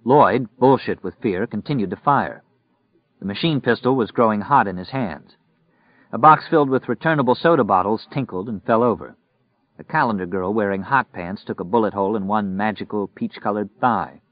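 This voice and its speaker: A man reading a novel aloud in steady, measured scripted narration. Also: on the low side, no echo. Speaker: audiobook narrator. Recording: dry, muffled recording.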